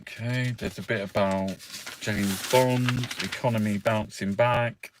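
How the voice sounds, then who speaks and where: A man's voice: on the low side, steady tone, unhurried, noisy background. A man reviewing the news in a casual, sarcastic rant, swearing and laughing often. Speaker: political commentator reviewing newspapers. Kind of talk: casual ranting newspaper review.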